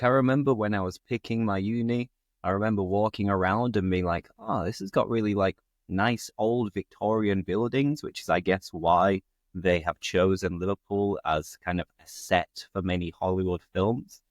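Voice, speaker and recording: A man's voice: fairly low pitch, moderate pace, no echo, studio quality. A British man hosting a casual chat, talking freely with frequent fillers. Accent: British English. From England. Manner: chatty, fillers like "like". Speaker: host, English teacher.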